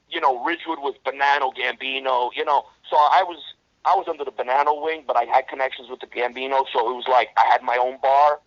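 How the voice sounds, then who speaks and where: A man's voice: medium pitch, fairly bright tone, no echo. Blunt streetwise New man. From New York. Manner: blunt, streetwise, heavy swearing. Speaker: interview guest. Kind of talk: casual storytelling interview. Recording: dull lo-fi dry recording.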